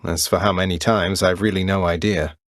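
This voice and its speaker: Male actor voicing a wry, good-natured young underworld prince, lowish voice, dry studio sound. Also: steady tone, a little fast, no room sound, close to an everyday voice. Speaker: video game protagonist. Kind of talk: game voice lines.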